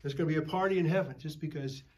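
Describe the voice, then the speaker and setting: A man's voice: on the high side, racing, a little mellow. An older man preaching at a Bible study, a folksy pastor who tells stories and calls for amens from the group. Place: church.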